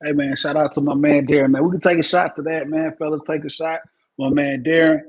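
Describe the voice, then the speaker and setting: A man hosts a casual sports chat with lots of energy. His voice sits fairly high and has a husky, breathy edge. He keeps tagging "man" onto his phrases. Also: level tone, brisk, low-quality recording. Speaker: podcast host.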